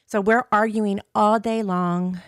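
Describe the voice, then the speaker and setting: A woman's voice: medium pitch, fairly even intonation, takes it slowly, clear, resonant tone, dry recording, studio quality. A woman hosting a podcast, telling a painful personal story candidly and with strong emotion, swearing freely and acting out quoted lines. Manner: acts out quoted lines in changed voices. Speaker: podcast host.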